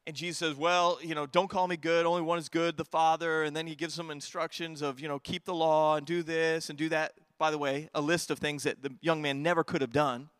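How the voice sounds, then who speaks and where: A man delivering a sermon with a somewhat high voice that climbs even higher when he hits a point. He preaches conversationally and restarts phrases as he builds. The sound is dry and close, with no room echo. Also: brisk, hardly any pauses, clean tone. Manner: conversational preaching with rising emphatic peaks and repeated restarts. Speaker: pastor.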